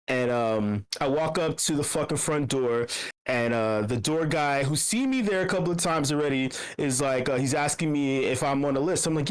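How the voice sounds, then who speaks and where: A man's voice: medium pitch, normal speed, clean tone, rough recording. A man hosting a meetup in a voice channel, telling a rambling, profane story, laughing often and sick with a cough. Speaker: meetup host.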